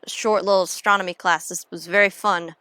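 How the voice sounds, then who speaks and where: A woman's voice: fairly low pitch, steady tone, a little fast, sharp tone, clean tone, no room sound. A young woman chatting casually on a gaming livestream, rambling and joking with frequent swearing. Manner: rambling, jokey, swears freely. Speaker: streamer.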